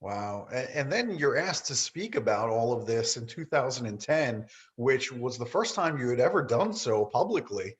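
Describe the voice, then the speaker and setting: A man's voice: mid-range voice, big pitch swings, moderate pace, few pauses, dull audio. A man hosting a podcast, asking attentive, encouraging interview questions. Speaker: podcast host.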